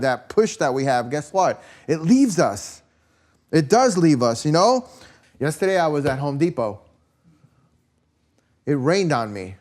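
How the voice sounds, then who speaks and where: A man preaching a conversational sermon, telling stories with lots of "you know" and rhetorical questions to his listeners. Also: fairly high pitch. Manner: rambling storytelling, peppered with "you know" and "right?".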